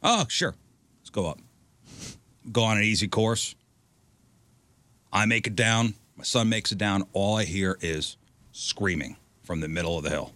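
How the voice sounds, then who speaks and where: A man's voice: lowish voice, a little slow, long pauses, no room sound. A man telling a story in casual chat on a podcast, acting out the lines he quotes. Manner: animated storyteller, acts out quotes. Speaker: podcast co-host.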